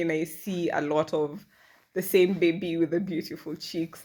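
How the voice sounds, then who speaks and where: A woman's voice: sits low, a little mellow. A woman in her thirties talking candidly in a personal vlog, chatty and self-deprecating. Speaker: vlogger.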